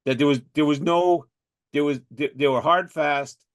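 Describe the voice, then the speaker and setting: Animated, laughing firefighter podcast host. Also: male voice, on the high side, moderate pace. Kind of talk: casual chat.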